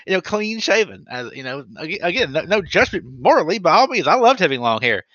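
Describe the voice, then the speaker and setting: A man's voice: high voice, sing-song, fairly quick, fairly bright tone, no echo, muffled recording. A man in his thirties co-hosting a podcast, telling rambling, profane stories in casual chat. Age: 30s. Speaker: podcast co-host.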